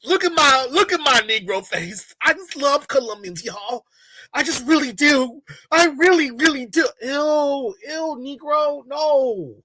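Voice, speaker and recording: A man putting on a high, loud voice to play a boastful young male hustler working as a tour guide, shouting slang. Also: expressive, a little slow, heavily acted. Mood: whiny mocking. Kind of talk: mocking impression in commentary.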